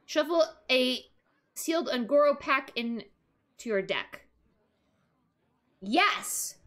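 Sex: woman. Pitch: high and lively. Style: excitable game streamer. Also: slow pace. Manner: excitable, laughs often, reads card text aloud. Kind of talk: live game commentary.

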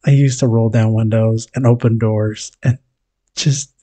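A man giving a casual family update on his vlog, talking hesitantly with lots of pauses and restarts. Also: fairly low pitch, fairly even intonation, mellow. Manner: hesitant, many fillers and restarts. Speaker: vlogger.

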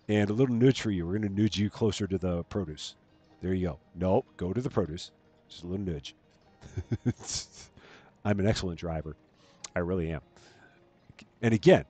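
Rambling low-voiced man streaming a game. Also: mellow, slightly rough. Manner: rambling, repeats words, many fillers. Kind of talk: casual live-stream chat while playing.

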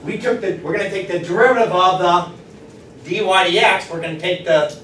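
A man teaching a math lecture, upbeat and encouraging, tossing questions to his students. His voice sits a little high. He sounds distant in an echoing classroom with faint noise behind. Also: moderate pace, a bit bright.

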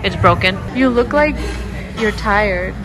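A young woman vlogging in a casual, bubbly way, chatting excitedly to her viewers. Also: mid-range voice, slow pace, over music. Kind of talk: casual chat. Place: restaurant and car.

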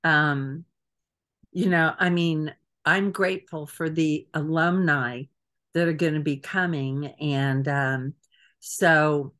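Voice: mid-range voice, fairly even intonation, slow, fairly bright tone. Chatty trip organizer on a video call. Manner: chatty, hesitant with frequent fillers. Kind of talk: casual meeting briefing.

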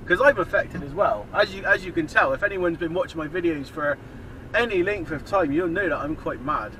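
Exasperated man ranting from the driver's seat, pitched high, set back from the mic. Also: a little fast. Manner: sarcastic, sweary, exasperated. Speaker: dash cam vlogger. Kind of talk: ranting commentary while driving. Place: inside a car on city roads. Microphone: dash cam mic. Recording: distant voice over loud road noise.

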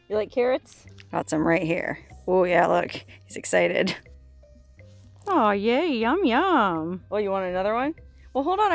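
Outdoors at a desert roadside hotel, a woman hosts a casual walking-tour vlog, chatty and upbeat, cooing at animals she passes. She's a travel vlogger whose fairly low voice carries vocal fry.

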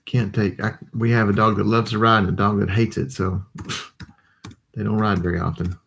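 A man with a drawl hosts a relaxed livestream from his home desk, chatting with viewers and answering their comments. His voice sits a little low, and he rambles in a loose, tired way, yawning as he talks. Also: moderate pace, vocal fry, slight background noise. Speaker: livestream host. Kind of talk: casual live chat reading comments.

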